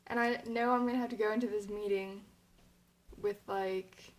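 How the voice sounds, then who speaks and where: A woman's voice: medium pitch, steady tone, moderate pace, rough recording. A young woman talking casually to her camera, rambling, with lots of "like" and fillers, and sounding a little emotional. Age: young adult. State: emotional, near tears. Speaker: vlogger.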